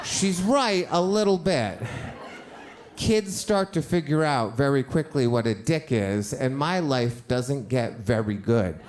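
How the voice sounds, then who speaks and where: A middle-aged man telling a first-person story live on stage, animated and getting loud and high at the punch lines, with audience laughter. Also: a little hiss or hum.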